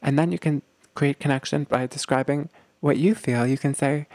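A man's voice: fairly high pitch, fairly even intonation, normal speed, darkish tone, dry recording. A man teaching relationship skills, acting out short dialogues in a lifted voice and using many fillers. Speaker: relationship coach.

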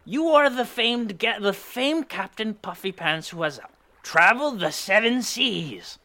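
A man's voice: high-pitched, lively intonation, unhurried, pushed and bright, full character voice. A man playing a proud, easily startled pirate captain in an improvised comedy, blustery and stammering. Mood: grumbling. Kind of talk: improvised comedy role-play.

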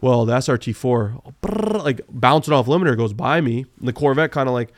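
A man telling animated, profanity-laced car racing stories as a podcast guest, full of fillers. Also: medium pitch, fast, no room sound, clean studio sound. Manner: animated, swears freely, many fillers. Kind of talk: casual storytelling interview.

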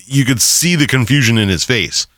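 A man's voice: medium pitch, lively intonation, moderate pace, fairly bright tone, no room sound, clean studio sound. A man in his thirties co-hosting a casual podcast, rambling through stories with frequent laughter and plenty of swearing. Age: 30s. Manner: laughs often, rambling, profane storytelling. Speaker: podcast co-host. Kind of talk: casual banter.

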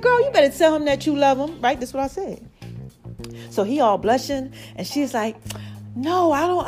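A woman's voice: sits high, darkish tone. A woman hosting her own podcast, telling a story in a casual way and speaking straight to her listeners. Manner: chatty, addresses listeners directly, repeats "baby" and "okay". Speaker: podcast host.

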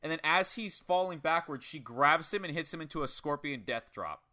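A man with a piercingly bright, somewhat high voice tells the story of a match in a casual chat. He is excitable and curses freely as he goes. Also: normal speed. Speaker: podcast co-host. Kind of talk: casual wrestling match recap.

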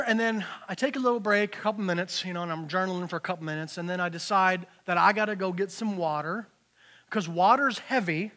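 A middle-aged man with a high voice gives a personal testimony in church, telling his story animatedly and often repeating words.

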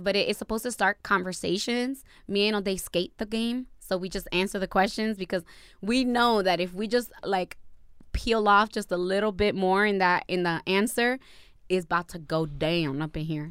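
A young woman co-hosting a casual livestream chat from a home studio, animated and slangy, laughing as she talks. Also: mid-range voice, moderate pace, smooth, no room sound. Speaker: podcast co-host. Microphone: studio mic.

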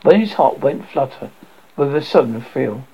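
Gravelly, halting storybook reader. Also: mid-range voice, lively intonation. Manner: halting, with slips and restarts. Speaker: audiobook reader. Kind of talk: amateur storybook reading. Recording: dull lo-fi recording.

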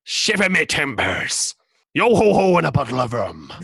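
A man's voice: fairly high pitch, big pitch swings, moderate pace, creaky, fairly bright tone, husky, no room sound, studio quality, pitched above the performer's own voice, full character voice. A man putting on a swaggering old male pirate voice, hammy and blustering.

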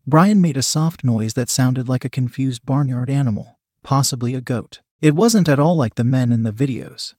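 A man narrating adult fiction in an even, matter-of-fact reading. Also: medium pitch, moderate pace, hardly any pauses, dry recording, clean studio sound.

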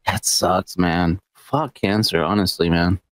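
A man's voice: low voice, steady tone, takes it slowly. A man co-hosting a podcast, laid-back, laughing along with short replies. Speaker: podcast co-host. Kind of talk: casual podcast banter.

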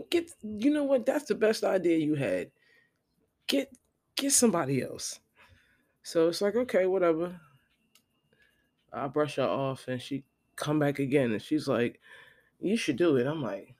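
A podcast host telling a profane, animated story in a casual monologue, quoting the people in it. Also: male voice, on the high side, unhurried, long pauses. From Florida.

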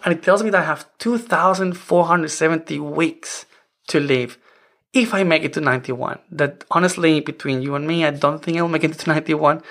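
A man's voice: fairly high pitch, moderate pace, fairly bright tone. A man in his forties, not a native English speaker, hosting a self-help podcast in an earnest, rambling way. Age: 40s. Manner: earnest, rambling with many "I mean" restarts. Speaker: podcast host.

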